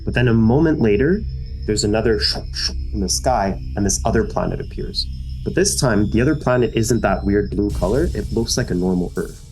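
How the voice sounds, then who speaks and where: A man's voice: on the low side, animated, a little fast, darkish tone, faint music behind. A man narrating a tabletop game as game master, casual and rambling with lots of fillers.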